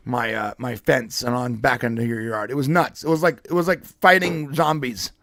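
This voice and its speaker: A man's voice: mid-range voice, fairly even intonation, moderate pace, a bit bright, no room sound, studio quality. A man co-hosting a podcast, telling a long rambling neighborhood story in casual chat, with frequent restarts and laughs. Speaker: podcast co-host.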